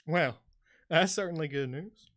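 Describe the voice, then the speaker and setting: A man's voice: fairly high pitch, unhurried, a bit bright, pitched above the performer's own voice. A man voicing an evasive, folksy middle-aged innkeeper with a put-on Southern drawl, hesitant and rambling.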